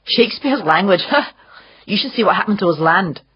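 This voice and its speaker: A woman reading a blunt, quick-witted young woman who speaks briskly and sardonically. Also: mid-range voice, expressive, breathy edge, highs cut off. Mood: sardonic. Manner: brisk, sardonic, uses Scots words.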